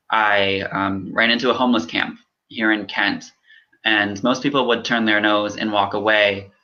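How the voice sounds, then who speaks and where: An earnest young man speaks in a bright, slightly low voice, pausing often with halting ums as he answers interview questions. The audio sounds muffled and lo-fi, like a call recording. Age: young adult. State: choked up. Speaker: political candidate.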